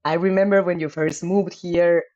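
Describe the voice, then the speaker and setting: Woman reading as a genial middle-aged male barkeep from a farming game, lowered easy tone, dull lo-fi mic. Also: fairly even intonation, normal speed, a little mellow, lightly acted. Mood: friendly. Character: friendly middle-aged male saloon owner.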